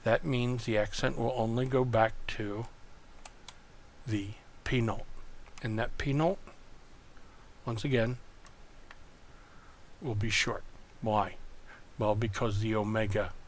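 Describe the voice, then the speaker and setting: A man teaching an online lesson, working through exercises step by step and thinking aloud in a slow, methodical way. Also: fairly low pitch, steady tone, a little hiss or hum. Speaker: Greek tutor.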